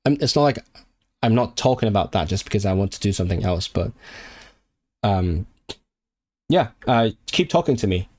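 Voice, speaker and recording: A man's voice: lowish voice, lively intonation, normal speed, long pauses, darkish tone. A man from Hong Kong chatting casually on a live stream while he works through language flashcards, thinking aloud with lots of fillers and restarts. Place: indoors at his computer.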